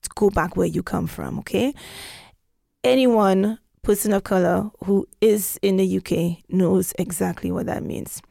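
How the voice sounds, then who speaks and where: A woman podcast host telling a story in casual chat, animated and acting out the voices she quotes. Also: medium pitch, unhurried, gravelly, dry recording, studio quality. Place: London.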